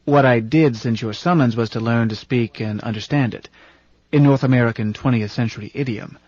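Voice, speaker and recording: A man voicing a courteous, formal male chairman in an audiobook, speaking in a polite, precise, measured way. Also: mid-range voice, darkish tone, no echo, lightly acted. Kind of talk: audiobook character reading. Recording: dull, dry studio recording.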